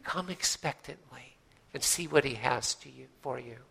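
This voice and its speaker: A man preaching a sermon as a pastor, telling a story with gentle pauses and soft, hushed emphasis in a folksy, unhurried manner. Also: medium pitch, gravelly, slightly rough. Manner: folksy, with frequent uh fillers.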